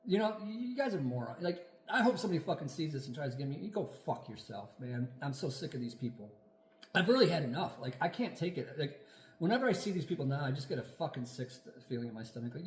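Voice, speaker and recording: A man's voice: medium pitch, lively intonation, quick pace, echoey room, a little hiss or hum. A man co-hosting a casual podcast chat, ranting angrily with lots of profanity. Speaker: podcast co-host.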